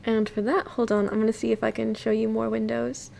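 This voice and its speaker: A woman's voice: on the high side, flat delivery, brisk, gravelly, warm tone, a little hiss or hum. A woman chatting on a live stream while working on her comics, giggly and self-deprecating. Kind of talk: casual live-stream chat.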